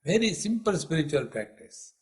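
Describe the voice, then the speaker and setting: A man's voice: fairly high pitch, sing-song, normal speed. Male spiritual teacher, older, playful discourse with humorous stories. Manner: playful, teasing, acts out dialogue in stories. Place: lecture hall.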